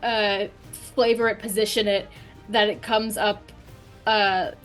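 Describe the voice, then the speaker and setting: A woman's voice: mid-range voice, level tone, a little slow, a bit bright, faint music behind. A woman player in a tabletop game, speaking hesitantly and apologetically with many fillers. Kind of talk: casual tabletop play.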